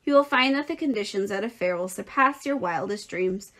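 A woman's voice: medium pitch, expressive, brisk, a bit bright, natural voice. A woman voicing a knowing, persuasive old female sheep in a storybook, lingering over each word.

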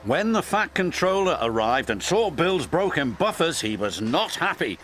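A man narrating a children's railway story in an expressive, sing-song way. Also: medium pitch, moderate pace, hardly any pauses. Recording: loud music bed.

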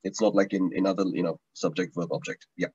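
Teacher, male, low husky voice, chatty and repetitive, dull lo-fi call audio. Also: fairly even intonation, fast, a little mellow. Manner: chatty, repeats words, restarts often. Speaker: language teacher. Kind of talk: online taster class, casual teaching. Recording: dull lo-fi online stream audio.

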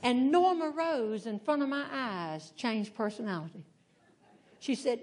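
An older woman, doing animated humorous storytelling as a stand-up comedian on stage. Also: on the high side, unhurried. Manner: animated, acts out voices in her stories. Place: stage before a live audience.

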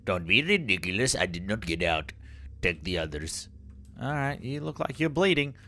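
A man putting on a celebrity impression to voice a male game character, with a halting, clipped delivery. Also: fairly low pitch, sing-song, bright, forceful tone, slight background noise, full character voice. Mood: urgent.

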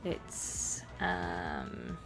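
A woman's voice: extremely slow, loud music behind the voice. A woman co-hosting a let's play, chatting curiously and giggling while she watches. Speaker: co-host watching a game. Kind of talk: casual chat during a let's play.

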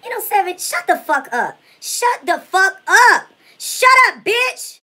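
A woman's voice: sits high, a little fast, pushed and bright, rough recording. A woman impersonating a brash, foul-mouthed woman vlogger in a comedic spoof, ranting at her haters with nonstop profane insults. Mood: furious. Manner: profane, insult-hurling trash talk.

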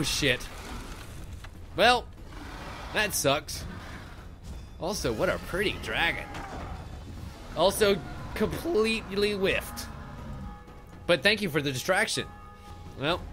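A young man commentating over gameplay in a sarcastic, comedic way, swearing and panicking loudly, with game music behind him. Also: high voice, expressive, slow, long pauses. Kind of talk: comedic let's play commentary.

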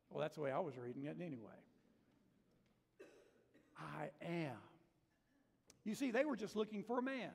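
A man's voice: high-pitched, vocal fry. A male pastor preaching a sermon in a church, telling the story vividly and acting out quoted lines with dramatic emphasis. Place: church sanctuary. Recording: long church reverb.

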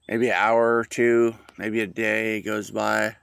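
Gravelly man rambling in a park. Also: fairly low pitch, flat delivery, unhurried, a bit bright, no echo. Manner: profane, meandering, rueful with frequent trailing-off. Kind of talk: rambling outdoor monologue. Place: outdoors in a park.

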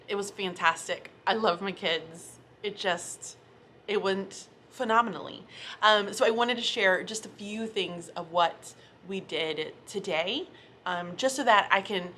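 A woman's voice: mid-range voice, bright, forceful tone, a little hiss or hum. Chatty, nervous-sounding teacher woman. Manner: quick, chatty and upbeat, a little nervous. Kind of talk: casual vlog chat. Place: her classroom.

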